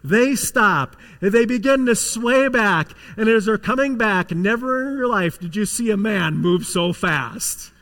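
A man's voice: high-pitched, lively intonation, measured pace, few pauses, a bit bright. A man preaching a sermon as pastor, telling a story with rising intensity and acting out the voices of the people in it. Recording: long hall reverb.

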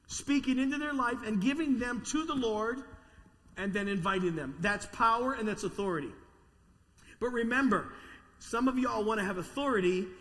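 A man preaching a sermon to his congregation, telling a story in an animated way, sometimes stammering and repeating words. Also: high voice. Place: large church hall with an audience. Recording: long reverb of a church hall.

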